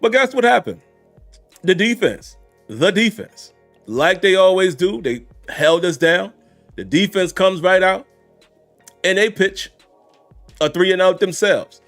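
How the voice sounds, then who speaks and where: A man's voice: high voice, slow pace, pauses often, a bit bright, soft background music. A man giving casual, conversational reactions to a football game, talking straight to his viewers. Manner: conversational, addresses viewers as y'all and guys. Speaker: sports commentator host.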